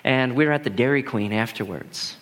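A man in his thirties, a pastor telling personal stories in a lively, animated sermon full of restarts. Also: mid-range voice, brisk. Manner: animated, laughing storyteller with many restarts. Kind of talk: storytelling sermon.

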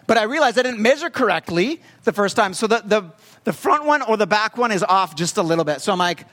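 A young pastor with a fairly high, bright, expressive voice gives a storytelling sermon in a chatty, halting way, full of "uh" and restarts. His voice fades into a long hall reverb.

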